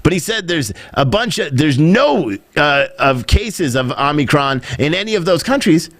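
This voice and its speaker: A man's voice: a little high, very animated, moderate pace, no room sound, clean studio sound. A man hosting a podcast, giving rambling, opinionated commentary and mimicking other people when he quotes them. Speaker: podcast host.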